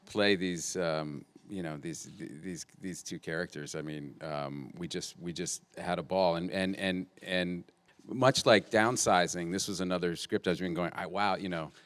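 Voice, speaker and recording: A man, an actor at a press conference, talking playfully with jokes and quick restarts. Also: low voice, steady tone, a bit bright. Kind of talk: joking press-conference banter.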